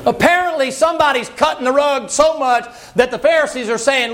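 A man preaching a folksy, animated sermon and shouting at its peaks. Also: extremely high pitch, brisk, few pauses. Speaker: pastor.

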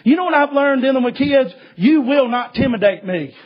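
A man preaching a sermon, telling a story in a folksy way and swinging from hushed tones to shouts. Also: very high voice, expressive, brisk, husky. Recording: dull lo-fi recording.

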